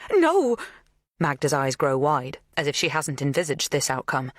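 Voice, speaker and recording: A woman narrating an audiobook thriller in a measured, even scripted delivery. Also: a bass voice, no echo, studio quality.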